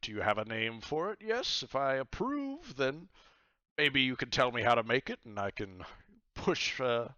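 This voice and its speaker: A man's voice: medium pitch, very animated, moderate pace, pushed and bright, dry recording, dull audio, pitched above the performer's own voice. A man voicing a boisterous, jovial male pirate god who talks heartily and calls people "lad". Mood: sly.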